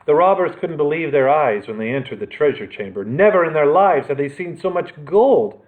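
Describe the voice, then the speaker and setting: A male librarian reads a children's adventure story aloud for storytime with dramatic expression. His slightly high voice is expressive and moderately paced. The sound is tinny and phone-like, with slight background noise.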